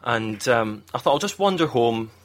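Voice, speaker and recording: A man's voice: mid-range voice, lively intonation, normal speed. Rambling Scottish man telling a story. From Scotland. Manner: rambling, self-mocking, laughs often. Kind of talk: casual storytelling chat.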